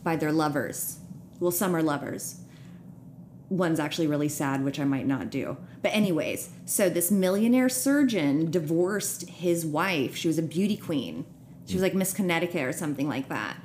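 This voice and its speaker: A young woman hosting a podcast in casual chat, animated and profane, laughing often. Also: low-pitched, normal speed, a little hiss or hum. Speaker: podcast host.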